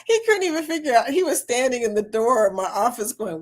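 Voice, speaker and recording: A middle-aged woman hosting a casual livestream, reading the chat and talking with viewers in an animated way, laughing often and calling them girl and y'all. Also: on the high side, fairly quick, few pauses.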